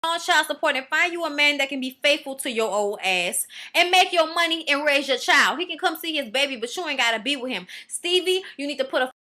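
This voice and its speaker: A woman's voice: high voice, animated, brisk, few pauses, sharp tone. A woman reviewing a reality show in blunt, profane, opinionated casual vlog commentary.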